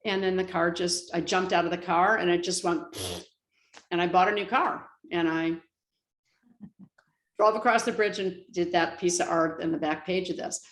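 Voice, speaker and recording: A middle-aged woman telling personal stories in a rambling, animated way, laughing often. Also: lowish voice, normal speed. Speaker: guest. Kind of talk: casual storytelling. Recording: roomy echo.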